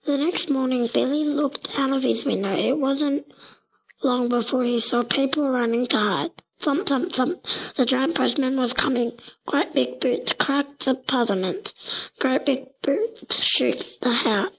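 A woman reading a children's storybook aloud, slow and deliberate, with occasional slips. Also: high voice, vocal fry, fairly bright tone, poor audio.

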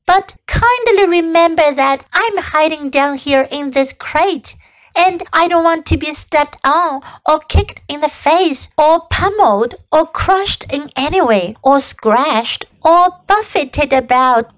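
A woman's voice: high-pitched, rough recording. A woman voicing a fussy, sarcastic male rat who complains in long wordy strings.

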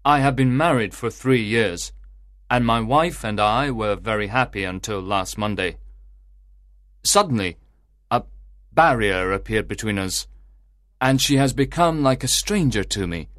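A man playing a worried, earnest middle-aged merchant in an audiobook drama, telling his story in a measured way. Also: lowish voice, lively intonation, a bit bright, no room sound, clean studio sound.

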